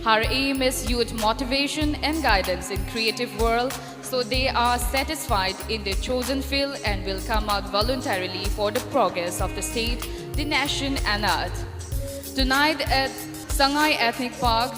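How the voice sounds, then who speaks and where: A woman's voice: fairly high pitch, unhurried. A woman emcee, announcing a live stage show in a formal manner with occasional hesitant fillers. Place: festival stage through PA system. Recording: echoing PA sound with long reverb. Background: music playing.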